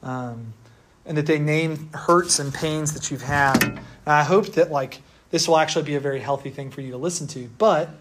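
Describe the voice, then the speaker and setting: Conversational young male preacher, higher voice. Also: moderate pace, noisy background. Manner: conversational, asks the audience rhetorical questions. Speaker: pastor. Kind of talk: sermon. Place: room with an audience.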